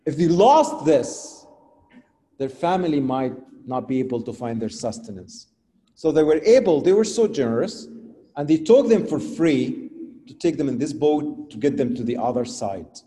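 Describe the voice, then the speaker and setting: A man preaching a sermon and telling a story animatedly, dropping from loud to quiet, with non-native phrasing. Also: mid-range voice. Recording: long hall reverb.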